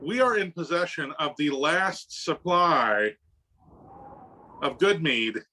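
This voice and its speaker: High, bright-voiced man with wry humor. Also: expressive, takes it slowly, a little hiss or hum. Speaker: player. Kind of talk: playing a tabletop game.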